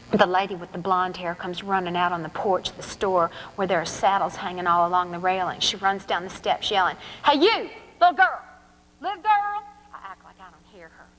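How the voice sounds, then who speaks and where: A woman reads a first-person story aloud from her own book, with a lively, sly storyteller's delivery. Her voice sits at a middle pitch. A faint hiss runs underneath the recording. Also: poor audio. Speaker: author reading her novel at a forum.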